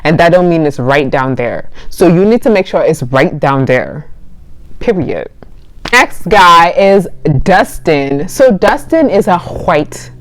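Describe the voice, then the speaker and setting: Chatty low-voiced young woman storyteller. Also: expressive, slow pace, dry recording. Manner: chatty, laughs often, acts out dialogue. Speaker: vlogger. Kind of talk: casual storytelling.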